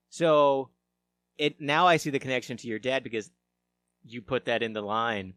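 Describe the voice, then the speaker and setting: A man's voice: mid-range voice, normal speed, a bit bright. A male podcast host who keeps an interview going with playful, dry questions. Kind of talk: casual interview.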